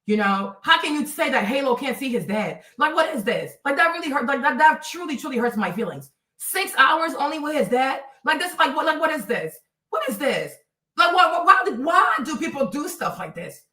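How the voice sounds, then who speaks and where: A woman's voice: high-pitched, very animated, moderate pace, pushed and bright. A woman streaming live, talking bluntly and profanely straight at her commenters. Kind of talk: ranting to chat. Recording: roomy, from a distance.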